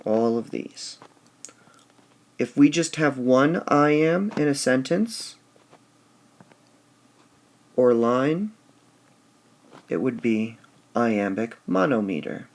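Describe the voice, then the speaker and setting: A man teaching a recorded lesson, speaking slowly and deliberately and stressing syllables out loud as he explains. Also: mid-range voice, animated. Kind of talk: recorded lesson on poetic meter.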